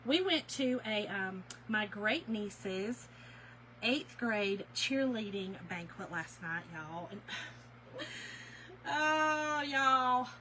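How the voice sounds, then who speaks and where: A woman's voice: medium pitch, animated, slow, sharp tone, slight background noise, low-quality recording. A middle-aged woman, giving a chatty, folksy live craft demo and calling her viewers y'all. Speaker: craft instructor.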